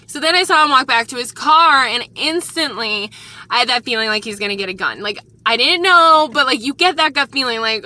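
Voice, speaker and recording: Bright-voiced woman telling a story. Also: high-pitched, animated, a little fast. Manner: rambling, shaken, earnest warning. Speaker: vlogger. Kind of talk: casual storytime vlog.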